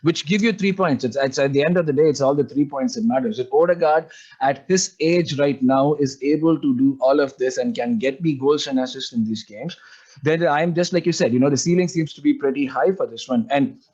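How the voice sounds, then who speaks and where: A man's voice: medium pitch, fairly quick, darkish tone, breathy edge, lo-fi sound. A man chatting casually as a podcast co-host, rambling through his points with lots of "like" and "you know". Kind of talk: casual fan podcast chat.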